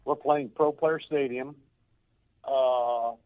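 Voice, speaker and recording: An older man, a former baseball coach, tells a moving personal story in a halting way, repeating words as he is moved to tears. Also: mid-range voice, steady tone, no room sound. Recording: tinny phone line.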